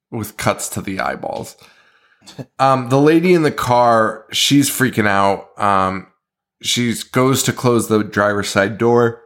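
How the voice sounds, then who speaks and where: A man co-hosting a horror podcast, casually recapping a film with lots of laughter and swearing. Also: lowish voice. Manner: laughing often, swearing, animated storytelling. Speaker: podcast co-host.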